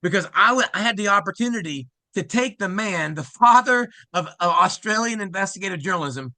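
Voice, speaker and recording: A middle-aged man from Ohio tells his story as an interview guest, quick and excited, slipping into other people's voices for quoted lines. His voice is higher than most men's and very bright, recorded close and dry with no room echo. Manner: excited, acts out quoted speech, fast asides.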